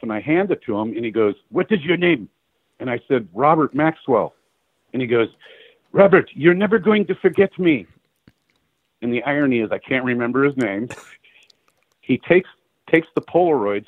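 Animated middle-aged man, tinny phone line. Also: medium pitch, no room sound. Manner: animated storyteller acting out quoted dialogue, laughing. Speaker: guest photographer. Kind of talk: casual storytelling interview.

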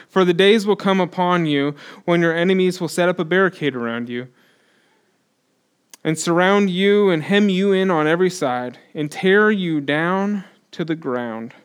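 A male pastor delivering a sermon in a relaxed, talky way with a slightly high voice. He rises to loud, emphatic peaks. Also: smooth.

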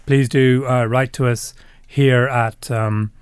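An Irish man co-hosts a casual podcast and drops in dry, joking asides. His voice is smooth and clear at a middle pitch. The recording is dry and close. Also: fairly even intonation, slow, dry recording. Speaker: podcast co-host.

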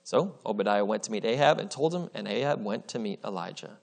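A man preaching, reading scripture aloud with expressive storytelling and casual asides. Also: lowish voice, a little fast, gravelly. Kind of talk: Bible reading with commentary.

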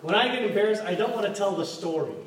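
A man's voice: sits high, fast talker. A man preaching a sermon in a church, joking and asking the congregation questions. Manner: playful, jokes and asks the congregation questions. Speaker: pastor. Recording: echoey hall from far off, faint noise.

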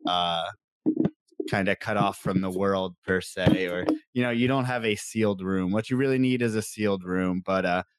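A man's voice: sits low, moderate pace, background noise. A young man co-hosting a casual podcast about reptile keeping, talking in a rambling, laid-back way and correcting himself as he goes. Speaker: podcast co-host and snake breeder.

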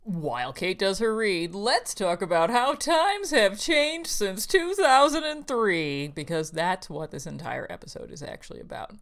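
A woman's voice: on the low side, fairly bright tone. A woman hosting a podcast, chatting casually about a picture book, laughing often and reading quotes aloud. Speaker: podcast host.

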